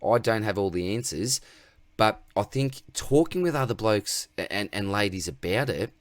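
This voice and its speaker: Laid-back Australian host, low-pitched man, dry close sound, chatty Q&A delivery. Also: lively intonation, moderate pace, no echo. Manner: laid-back, reads chat aloud, says mate constantly. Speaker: host answering viewer questions. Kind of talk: casual livestream Q&A.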